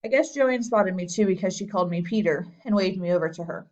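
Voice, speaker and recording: A woman narrating a children's novel aloud as an audiobook reader, in a lively storytelling way. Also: medium pitch, fast. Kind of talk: scripted narration.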